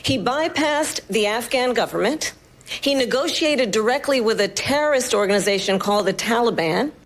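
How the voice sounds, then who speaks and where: A woman's voice: fairly high pitch, lively intonation, moderate pace. A woman speaking in a televised debate, with a firm, prepared delivery. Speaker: debate candidate. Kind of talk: debate speech.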